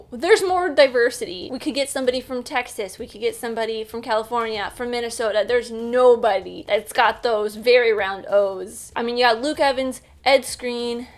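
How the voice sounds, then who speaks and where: A woman's voice: fairly high pitch, steady tone, moderate pace, hardly any pauses. A young woman, casually reviewing a movie for her vlog in a chatty, candid way. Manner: chatty, candid, laughs easily.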